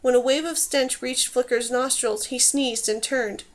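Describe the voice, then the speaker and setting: A woman reading a fantasy novel aloud in steady, clear scripted narration. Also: high-pitched, measured pace. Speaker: audiobook reader.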